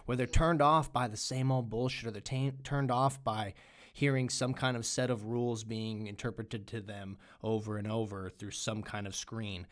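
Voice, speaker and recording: A man hosting a podcast, chatting casually and ranting with plenty of swearing. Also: lowish voice. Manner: profane, animated ranting. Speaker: podcast host.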